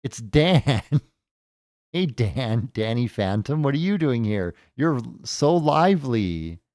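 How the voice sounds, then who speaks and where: A man's voice: mid-range voice, sing-song, slow pace, darkish tone, no echo, studio quality. A man casually commentating as he plays a game for the first time, thinking aloud with jokey asides. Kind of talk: casual let's-play commentary.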